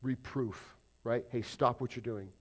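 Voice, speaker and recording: A man preaching a sermon to a congregation, emphatic, putting questions to the listeners and swinging between loud stresses and quiet asides. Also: mid-range voice, fairly even intonation, unhurried. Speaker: pastor.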